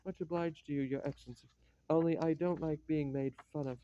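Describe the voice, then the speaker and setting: A fussy, stingy hostess, as a man reads her part, coaxing and a little wounded. The voice sits high with a mellow, muted tone. The recording is dry and dull. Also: steady tone, fairly quick, natural voice. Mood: offended.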